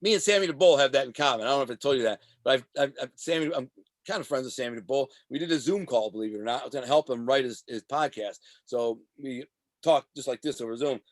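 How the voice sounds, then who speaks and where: A former mob associate tells his story in a casual interview, talking fast in profane, animated street talk. He acts out the voices of the people in his tales, his mid-range voice recorded with no echo.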